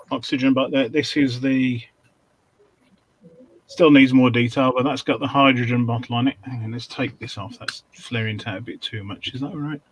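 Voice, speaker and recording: A man talks over a video call in a halting way, dropping ums and dry jokes. His voice sits at a middling pitch. The sound is close and dry, with no room around it. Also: fairly bright tone, dry recording, poor audio. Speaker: regular panelist. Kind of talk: casual chat on a video call.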